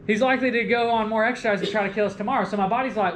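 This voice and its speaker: Young guy lecturing a class, jokey and animated, echoey room. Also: sits high, rapid-fire, hardly any pauses, a little hiss or hum. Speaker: college lecturer.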